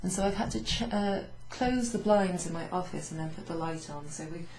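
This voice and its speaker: A woman teaching beginners French from her office, going over phrases slowly with many fillers and repeating each example. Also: on the low side, a little mellow, echoey room, a little hiss or hum, low-quality recording. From Wales. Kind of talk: recorded lesson recap for students. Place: home office with blinds closed.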